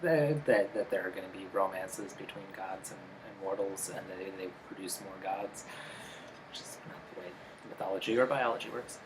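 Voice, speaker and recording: A co-host in a casual review chat, explaining and criticizing with quick asides. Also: deep voice, noisy background. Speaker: podcast co-host.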